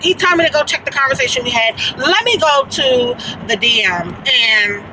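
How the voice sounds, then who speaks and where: Woman, late 30s, high voice, animated slangy storytelling, casual vlog, car noise behind. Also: moderate pace, hardly any pauses, far from the mic. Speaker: vlogger.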